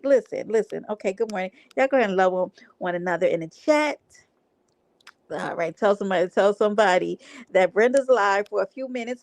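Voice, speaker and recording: A woman's voice: medium pitch, gravelly, a little mellow, dry recording. A woman hosting a livestream, talking to her chat in a brash, playful way with plenty of profanity. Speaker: livestream host.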